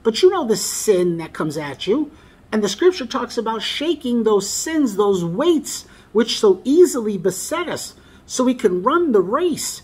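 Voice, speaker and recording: A man's voice: high-pitched, very animated, unhurried, husky. A man preaching a sermon, reading scripture aloud and stressing key phrases by repeating them.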